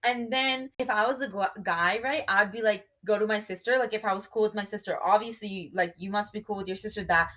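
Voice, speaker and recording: Blunt, swearing young woman, bright voice. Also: mid-range voice, brisk, few pauses. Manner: animated, swears a lot, heated and blunt. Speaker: podcast co-host. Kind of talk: casual chat.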